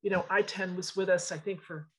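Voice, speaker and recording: A woman who owns a design studio, telling stories in a frank, animated, emphatic way in a casual interview. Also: lowish voice, brisk, breathy edge, poor audio.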